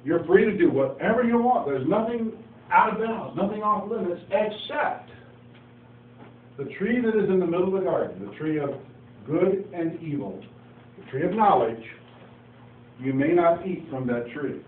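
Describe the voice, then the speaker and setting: A man's voice: high-pitched, lively intonation, normal speed, narrow, tinny audio. A man giving an informal Bible teaching, telling the story in a folksy way and acting out the dialogue with asides. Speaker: preacher. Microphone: phone. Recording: echoey, distant phone recording with faint noise.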